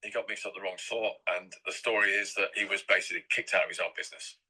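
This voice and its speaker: Fast-talking husky middle-aged man. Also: low voice, steady tone, sharp tone, rough recording. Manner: rambling and repetitive. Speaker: guest. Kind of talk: interview.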